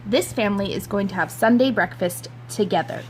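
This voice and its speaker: A woman reading aloud voices a determined suburban mother who gives brisk, commanding orders. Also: medium pitch, a little mellow, slight background noise, natural voice. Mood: firm.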